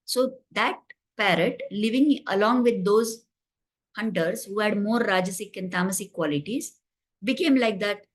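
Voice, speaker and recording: Woman giving a slow scripture talk. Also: mid-range voice. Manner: slow, deliberate, explanatory. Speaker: spiritual teacher. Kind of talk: scripture discourse with storytelling.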